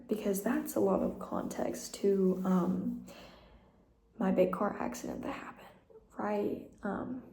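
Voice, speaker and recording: Young woman with a gravelly, mellow voice. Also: medium pitch, reverberant. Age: young adult. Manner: chatty, many fillers and laughs. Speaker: vlogger. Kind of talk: casual personal storytelling.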